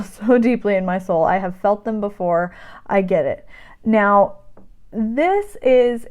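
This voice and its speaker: A mother in her thirties vlogs straight to camera with self-care advice about motherhood, her mid-range voice darkish in tone with the highs cut off. She's emphatic and direct and keeps checking in with "right?" and "okay?".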